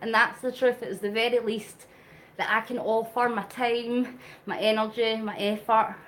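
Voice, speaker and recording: Woman vlogger, high voice, earnest and emotional, slightly winded, phone mic, faint hiss. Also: fairly even intonation, normal speed, a bit bright. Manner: earnest, emotional, reads out viewer comments. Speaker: vlogger doing a live charity cycle. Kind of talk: live-stream chat while cycling.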